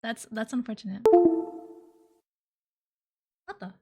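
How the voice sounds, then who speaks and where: A woman's voice: fairly high pitch, slow, gravelly, a little mellow, husky, faint music behind. A young woman streaming live, chatting casually and playfully with her chat, giggling and slipping into cutesy baby talk. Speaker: VTuber streamer.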